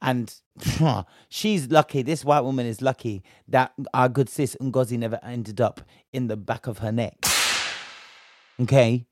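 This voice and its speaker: A man's voice: medium pitch, unhurried, darkish tone, no echo, studio quality. A young British man from Bristol giving a heated, slang-filled commentary rant, indignant and emphatic. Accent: British English. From Bristol, England.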